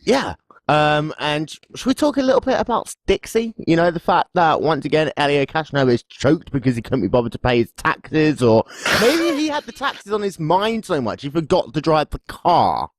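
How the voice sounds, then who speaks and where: A man's voice: a little high, sing-song, normal speed, no echo. A man co-hosting a podcast preview, chatting casually, joking and rambling. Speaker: podcast co-host. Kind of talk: casual promo chat.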